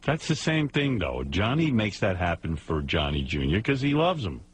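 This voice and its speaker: A lively, teasing male radio host. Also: on the low side, normal speed, husky. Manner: teasing, mock-patient. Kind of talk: radio talk show banter.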